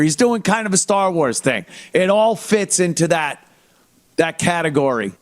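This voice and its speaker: Animated, high-voiced man ranting. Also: unhurried. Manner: mocking, swearing, acts out fan voices. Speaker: comedy podcast host. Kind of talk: profane comedic rant.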